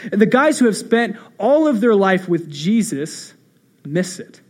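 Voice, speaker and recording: Young male pastor with a high voice, storytelling sermon, shifts from quiet to punchy. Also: very animated, unhurried. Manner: storytelling with rhetorical questions, swinging between hushed and emphatic.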